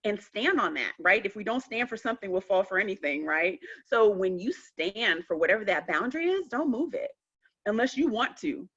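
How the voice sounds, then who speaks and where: A woman speaking emphatically on a virtual call, telling stories with lively acted-out quotes. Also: medium pitch, moderate pace, breathy edge, dull audio. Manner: emphatic, animated storytelling. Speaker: guest speaker. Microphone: video call.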